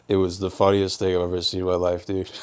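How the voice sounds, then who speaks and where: Casting: podcast host from Rhode Island, young man with a low, deep voice, easygoing chat full of "dude". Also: background noise. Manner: laid-back, says "dude" a lot, laughs hard. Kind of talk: casual chat.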